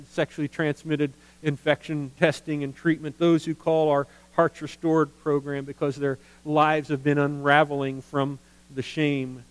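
Brief: male pastor, slightly higher voice, earnest sermon delivery, halting with repeated words. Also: rough recording. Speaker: pastor of a ministry.

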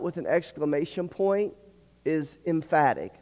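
A man preaching a sermon as pastor, earnest, often repeating words and clearing his throat. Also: a little high, unhurried, darkish tone. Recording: long hall reverb.

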